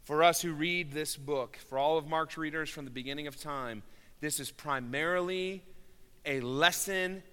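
A man preaching a sermon with earnest emphasis, rising loud on key words and dropping low and quiet. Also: normal speed, smooth. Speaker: pastor. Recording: long hall reverb.

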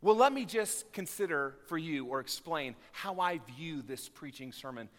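A man's voice: on the high side, lively intonation, normal speed, fairly bright tone, big-room sound. A middle-aged man preaching a sermon as pastor, with an earnest, building cadence and repeated lists. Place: church sanctuary.

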